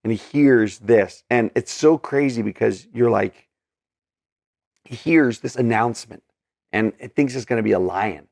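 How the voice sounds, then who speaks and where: A man's voice: mid-range voice, unhurried, vocal fry, a little mellow, no echo, clean studio sound. A man teaching scripture in an earnest, conversational way, with many fillers and restarts. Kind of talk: casual scripture study talk.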